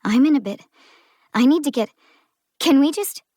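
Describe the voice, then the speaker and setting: A woman's voice: mid-range voice, slow pace, dry recording, studio quality. A woman voicing a tired, anxious young woman stopped by a cop, speaking tensely and with growing fluster. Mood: pleading.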